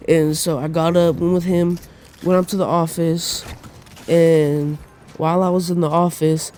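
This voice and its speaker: A young man with a fairly high but dark, mellow voice, telling a story in loose, profane slang. He rambles with lots of fillers, close to the mic, with faint hiss behind him. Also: little pitch movement, unhurried. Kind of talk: casual storytelling monologue.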